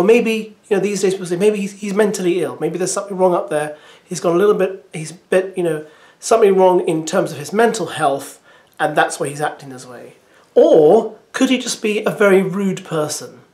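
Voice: mid-range voice, a little mellow. A reaction video host giving chatty, hesitant commentary to camera, musing aloud.

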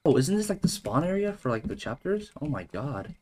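A man's voice: fairly high pitch, big pitch swings, fairly quick, dark tone. A man giving jumpy, exclaiming gameplay commentary as a gaming YouTuber, calling out "bro" and "dude" as he plays.

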